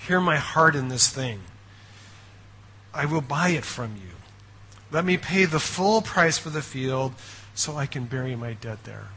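A man's voice: mid-range voice, animated, unhurried, long pauses, bright, forceful tone, breathy edge, exaggerated voice. A man preaching voices an elderly man humbly and earnestly begging to buy a burial place. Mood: imploring. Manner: earnest, imploring.

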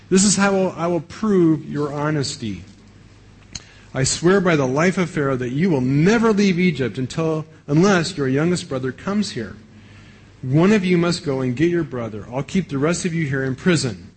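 A man reading out the lines of a stern, powerful male governor who accuses his visitors, speaking in slow, insistent accusations. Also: a little high, husky. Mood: accusing.

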